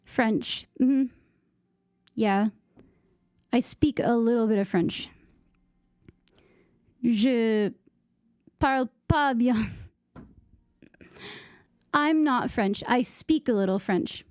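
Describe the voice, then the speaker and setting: High, slow-talking woman streamer. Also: a little mellow, no echo, clean studio sound. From United States. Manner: giggly, chatty, tries out French phrases. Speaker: game streamer. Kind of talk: casual live-stream chat with viewers.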